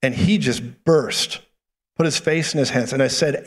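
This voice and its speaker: A man preaching a sermon, telling stories animatedly and then speaking prophetic declarations more softly. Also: medium pitch. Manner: animated storytelling, quick asides and laughs; prophetic declarations, softer and slower. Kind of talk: sermon with storytelling.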